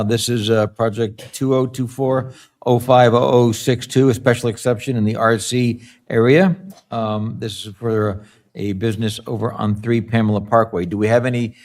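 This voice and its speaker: A man serving as board chairman, running a public meeting in a procedural but relaxed and friendly way. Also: medium pitch.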